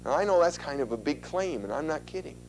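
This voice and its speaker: A man with a slightly high voice lectures an audience in a chatty, emphatic way. He keeps turning to his listeners with questions. A faint hum sits under the recording. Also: animated, fast, a little mellow, low-quality recording. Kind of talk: instructional talk.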